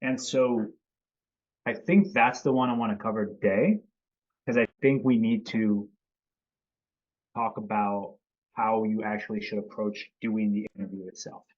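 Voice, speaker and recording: A man's voice: fairly low pitch, a little slow, pauses often, darkish tone. Easygoing man hosting a live stream. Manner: easygoing, greets viewers by name. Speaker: host and company CEO. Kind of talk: casual live-stream teaching. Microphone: video call. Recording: slightly dull video-call audio.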